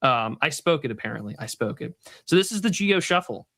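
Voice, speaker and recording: A man's voice: a little high, very animated, fairly quick, fairly bright tone. A man hosting a casual livestream, joking and swearing as he reads viewer messages aloud. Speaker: host.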